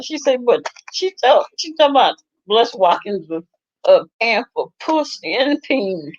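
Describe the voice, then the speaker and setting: A woman hosts a gossipy casual chat with a lively, swooping voice that sits a little high. She laughs easily as she reacts. Her audio comes through dull and lo-fi. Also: unhurried. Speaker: host.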